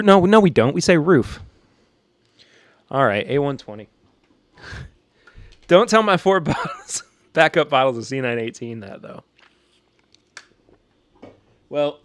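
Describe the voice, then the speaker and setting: A man hosting a podcast talks in a medium-pitched voice, recorded dry. Originally from the Southern United States and speaking with a Southern accent, he jokes casually while responding to a live chat, sounding slightly stressed.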